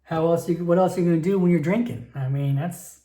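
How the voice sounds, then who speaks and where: A man's voice: on the high side, quick pace, warm tone. A man playing a solo tabletop game and narrating it in a rambling, chatty way, full of fillers and restarts, recorded in an echoey room.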